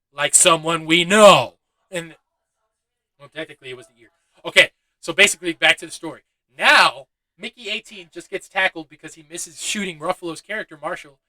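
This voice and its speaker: Young guy rambling through a movie review, bright tense voice, kinda high, curses a lot. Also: no room sound, rough recording. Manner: loose and chatty, swears freely, laughs at his own asides. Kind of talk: casual spoken film review.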